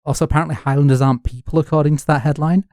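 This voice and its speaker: A man from the north of England co-hosting a history podcast, telling the story with wry, deadpan humour. His voice sits mellow and dark in a close, dry recording. His colours the relaxed talk. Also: fairly high pitch, racing, no echo. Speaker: podcast co-host. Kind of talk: casual history podcast chat.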